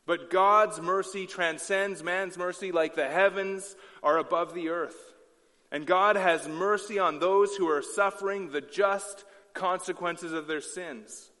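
A man's voice: sits high, steady tone, unhurried, bright, forceful tone, big-room sound. A man preaching a sermon as pastor, earnest, repeating himself and restarting his phrases often.

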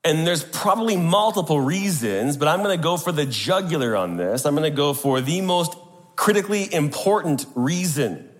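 A man delivers a sermon from a church sanctuary, his voice sitting a little high for a man. He presses his points hard and keeps throwing rhetorical questions at the congregation. The sound carries a long reverb from the big room. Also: animated, moderate pace. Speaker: preacher.

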